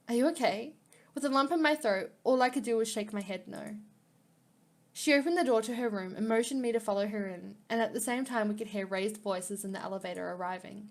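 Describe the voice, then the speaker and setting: A woman's voice: mid-range voice, fairly quick. Emotional woman reading a visual novel. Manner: emotional, gasping, near tears. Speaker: gaming YouTuber.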